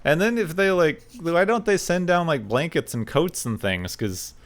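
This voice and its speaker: A man hosting a podcast in casual chat, recapping an episode in a wry, steady way. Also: on the high side, normal speed. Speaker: podcast host.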